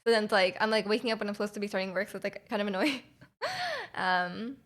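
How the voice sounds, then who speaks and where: A woman's voice: medium pitch, fairly even intonation, fast, fairly bright tone. A young woman livestreamer in casual chat with her viewers, rambling with lots of fillers and giggles.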